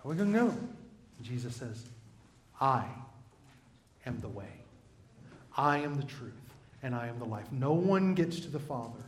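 A man's voice: medium pitch, expressive, a little slow, long pauses. A man preaching a sermon, talking in a conversational way and turning often to the congregation. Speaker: pastor. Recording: roomy echo.

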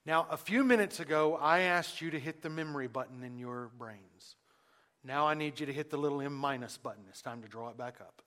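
A man preaching a sermon, who asks the congregation questions and uses dramatic pauses, moving between loud emphasis and near-hushed lines. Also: a little high, in a large hall. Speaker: pastor.

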